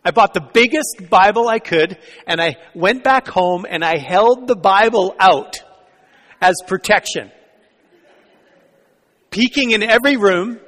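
A preacher acting out a rough, hostile man. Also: sits high, a little slow, pitched above the performer's own voice. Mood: frantic. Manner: retold quotes, loud and raised when agitated. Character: rough, hostile grown man turned believer. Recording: long reverb of a church hall.

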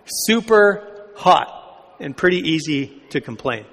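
Pastor guy preaching, chatty, slightly high voice, big echoey church. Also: expressive, measured pace, pauses often. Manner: conversational, asks the congregation questions. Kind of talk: sermon.

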